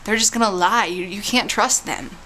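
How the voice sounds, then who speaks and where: A playful woman vlogger spins a teasing tall tale, swooping into grand storytelling tones and back to chatty asides. Her pitch sits in a middle range, and faint hiss lies under her voice. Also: moderate pace, sharp tone, poor audio. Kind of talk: casual vlog with a mock history tale.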